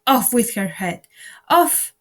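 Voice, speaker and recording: A woman reading an audiobook, voicing a furious, tyrannical queen who shouts her orders in a loud, shrill voice. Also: sing-song, slow pace, heavily acted. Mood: imperious fury.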